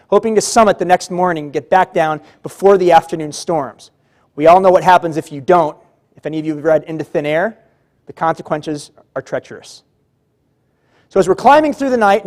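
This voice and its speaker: A man's voice: sits high, a little mellow. A man giving a motivational keynote speech at a civic luncheon, telling his story vividly and acting out the dialogue. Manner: vivid, dramatic storytelling that acts out the quotes. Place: large banquet hall.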